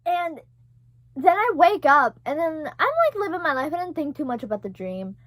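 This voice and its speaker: A young woman telling a story in a casual vlog, animated and profane, with many fillers. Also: high voice, normal speed, no echo. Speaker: vlogger.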